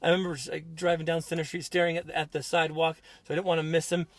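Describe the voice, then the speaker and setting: A middle-aged man co-hosting a podcast, telling a family story in a casual, animated way and acting out what people said. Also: on the high side, rapid-fire. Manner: animated retelling with acted-out quotes. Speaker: podcast co-host, therapist.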